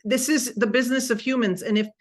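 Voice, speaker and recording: A woman coaching on a live online call, energetic, often acting out sample conversations. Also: on the high side, quick pace. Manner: energetic, acts out sample dialogue. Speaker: business coach. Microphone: video call.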